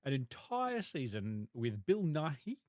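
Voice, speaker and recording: A man's voice: mid-range voice, big pitch swings, measured pace, a little mellow, no echo, studio quality. A man hosting a podcast in casual chat, joking and laughing as he rambles. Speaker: podcast host.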